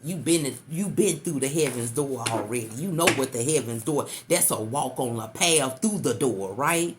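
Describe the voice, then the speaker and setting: Against a noisy background, a middle-aged woman with a rumbling low voice and lively intonation gives the viewer an intuitive tarot reading at a moderate pace. She's coaxing and repetitive, often calling the listener baby.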